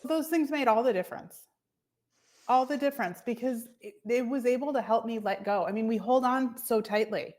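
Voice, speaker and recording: A woman with a somewhat high voice talks easily as a podcast guest. She is a fertility coach and tells her story in a chatty, animated way, slipping into other people's voices when she quotes them. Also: normal speed. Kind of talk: casual interview conversation.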